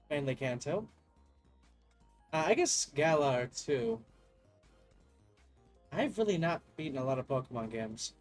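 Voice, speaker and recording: A man's voice: medium pitch, lively intonation, measured pace, pauses often, faint music behind. A man giving casual, joking let's-play commentary, rambling and self-deprecating. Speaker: gaming YouTuber.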